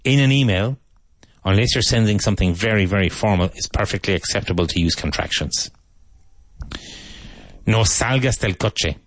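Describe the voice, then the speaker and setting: A man hosting a radio English lesson, repeating example sentences slowly and clearly before explaining them. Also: lowish voice, dry recording. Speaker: English teacher and radio host.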